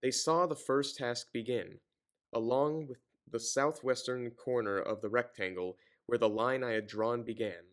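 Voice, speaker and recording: A man's voice: mid-range voice, moderate pace, a bit bright. A man reading a novel aloud, often stumbling, correcting himself and breaking off with sarcastic commentary. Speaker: reader and commentator.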